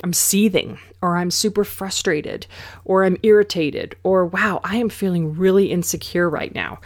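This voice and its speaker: A middle-aged woman hosting a solo podcast, talking in an encouraging, coaching way. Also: fairly low pitch. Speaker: podcast host.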